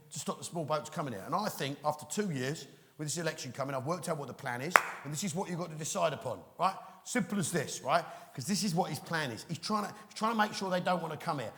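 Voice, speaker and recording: A man's voice: on the high side, animated, quick pace, vocal fry, fairly bright tone, slight background noise. A man doing a live stand-up routine in a big theatre, ranting and swearing and constantly checking in with the crowd. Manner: ranting, swearing, keeps prodding the crowd with "right?". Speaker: stand-up comedian. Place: large theatre with a live audience. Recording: reverberant live venue sound.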